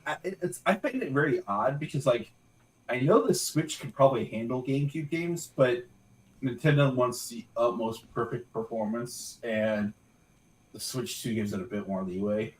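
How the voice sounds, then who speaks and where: A man's voice: mid-range voice, moderate pace, echoey room, distant mic, low-quality recording. A man co-hosting a casual gaming podcast, rambling and correcting himself as he talks about game news. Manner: rambling, self-correcting, laughs at own jokes. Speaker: podcast co-host. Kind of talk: casual livestream chat.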